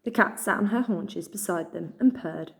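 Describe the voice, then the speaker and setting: A woman reading a children's novel aloud in a measured storytelling manner. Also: medium pitch, vocal fry. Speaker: reader.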